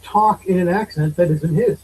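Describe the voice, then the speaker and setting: A man's voice: high voice, moderate pace, darkish tone, slightly rough, low-quality recording. A man in his thirties co-hosting a podcast, giving opinionated, exasperated movie commentary. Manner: opinionated, exasperated, swears casually. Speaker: podcast co-host. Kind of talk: casual movie review chat.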